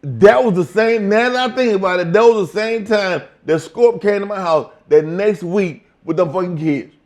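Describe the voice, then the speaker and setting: A middle-aged man telling profane, animated stories as a guest in a shoot interview. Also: high-pitched, normal speed. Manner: profane, animated storytelling with acted quotes. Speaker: interview guest, former wrestler.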